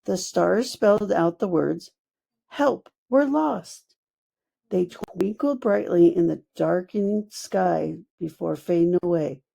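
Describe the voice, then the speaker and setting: A woman narrating a children's book read-aloud in an expressive storytelling manner. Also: lowish voice, unhurried, vocal fry, hardly any pauses.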